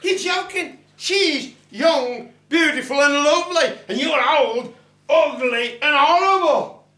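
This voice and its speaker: An indignant young man, as a storyteller puts him on, high and exclaiming. He is heard from a distance in a roomy room. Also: slow, bright, forceful tone, heavily acted. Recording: roomy, from far off the mic.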